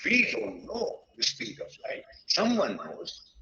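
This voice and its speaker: A man in his sixties from India, giving an earnest, reflective lecture to teachers and pausing often mid-sentence. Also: high voice, wildly swooping pitch, bright, forceful tone, highs cut off. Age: 60s. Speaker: guest speaker at a teachers' webinar. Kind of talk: lecture-style talk.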